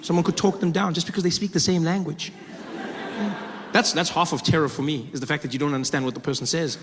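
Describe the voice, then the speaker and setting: A man performing a stand-up comedy set, animated and laughing as he tells his stories. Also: on the high side, quick pace. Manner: animated, laughing, shifts into voices. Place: live comedy stage. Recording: echoey live venue, faint noise.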